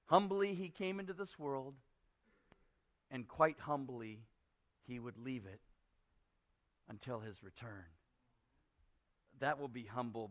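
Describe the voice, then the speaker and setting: Bright-voiced man preaching. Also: mid-range voice, slow pace, long pauses. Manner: conversational, drops to soft earnest emphasis. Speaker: pastor. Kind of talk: sermon.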